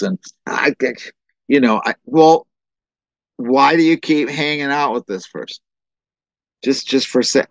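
A man's voice: mid-range voice, moderate pace, dry recording. A man preaching a sermon as the pastor, talking animatedly with restarts and acting out quoted voices. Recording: dull muffled dry recording.

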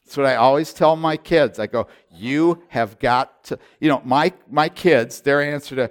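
Swinging from loud exhortation to hushed intensity, a pastor in his sixties preaches with passion. His smooth, medium-pitched voice keeps a moderate pace with few pauses.

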